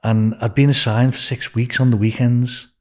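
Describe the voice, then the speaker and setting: Older Liverpool guy, podcast guest, loose rambling anecdotes, average pitch. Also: little pitch movement, moderate pace, darkish tone. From England. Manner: rambling anecdotes with restarts and swearing. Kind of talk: storytelling in a podcast interview.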